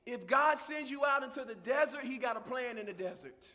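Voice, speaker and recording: A man preaching a sermon with passion, swelling into shouts and repeating phrases for emphasis. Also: extremely high pitch, expressive, brisk, big-room sound.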